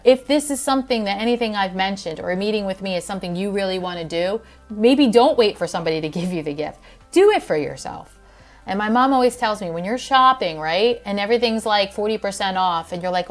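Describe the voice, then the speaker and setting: Woman doing a podcast, earnest and heartfelt, chatty with lots of ums, soft music in back. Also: medium pitch, expressive, fairly quick. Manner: earnest, heartfelt, with filler words and restarts. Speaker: podcast host and functional health practitioner. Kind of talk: casual podcast monologue.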